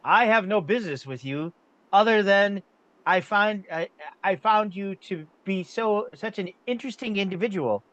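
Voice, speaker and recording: A man voicing a small, sly male rogue who flatters with overly formal, stumbling speech. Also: sits high, moderate pace, no room sound, lo-fi sound. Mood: flustered courtly. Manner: fumbling, overly formal speech full of restarts.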